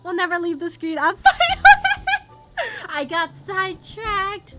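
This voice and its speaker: A young woman streaming a video game, reacting with excitable, giggly commentary and frequent laughs. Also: very high voice, normal speed. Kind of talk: let's-play reaction commentary. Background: game music.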